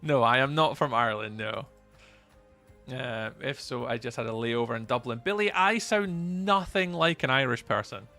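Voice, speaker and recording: Gravelly Scottish streamer chatting. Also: male voice, mid-range voice, moderate pace, pushed and bright, faint music behind. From Scotland. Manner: chatty, rambling, greets chat by name. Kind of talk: live gameplay commentary.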